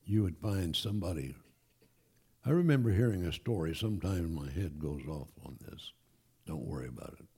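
A man preaching a sermon to his congregation, emphatic and animated, with folksy asides. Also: low-pitched, moderate pace, breathy edge. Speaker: pastor. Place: church.

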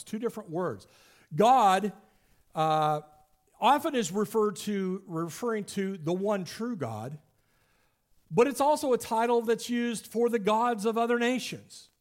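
A man with a notably high voice teaches scripture in a relaxed, conversational way. He explains ideas step by step, often restarting his sentences as he works through them. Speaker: Bible teacher. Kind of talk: Bible study teaching.

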